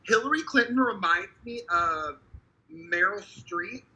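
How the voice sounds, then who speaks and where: A man co-hosting a casual chat, telling stories in a profane, animated way. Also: high voice, unhurried, lo-fi sound. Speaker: podcast co-host.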